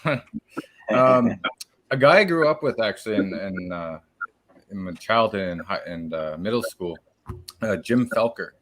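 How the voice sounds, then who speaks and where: A middle-aged man from Canada with a fairly low voice, hosting a live stream. He chats in a relaxed, rambling way, filling the gaps with ums and uhs. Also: measured pace, long pauses. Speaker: stream host. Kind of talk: casual live-stream chat.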